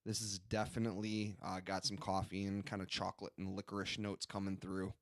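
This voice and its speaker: A man's voice: low-pitched, monotone, a little fast, a little hiss or hum. A young man co-hosting a casual beer-tasting podcast, rambling with fillers and restarts as he reads out beer descriptions. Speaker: podcast co-host reviewing beers.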